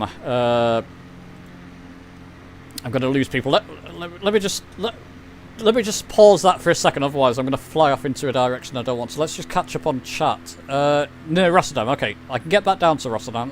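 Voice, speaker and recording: A man streams a flight simulator, rambling casually and reading chat aloud. His voice is a little high, animated and a little fast, with a little hiss or hum in the background.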